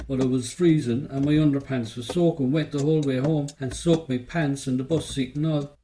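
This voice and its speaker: Mellow-voiced Cork Irish man reading a novel. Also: medium pitch, a little hiss or hum, poor audio. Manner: loose, slangy storytelling in a young narrator's voice. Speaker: audiobook reader. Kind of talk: first-person novel reading.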